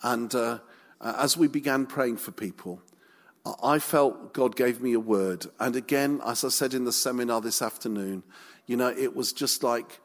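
A man preaching to a gathering, his voice carrying a long reverb through a large hall. He tells stories with self-mocking humour, then lifts into urgent, emphatic exhortation. His pitch sits in a middling range for a man. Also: normal speed. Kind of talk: humorous sermon. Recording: echoey hall recording.

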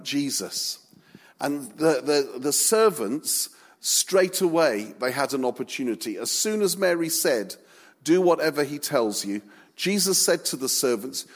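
A man preaching a sermon, telling a story with humor and lively delivery. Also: on the high side. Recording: long reverb of a large hall.

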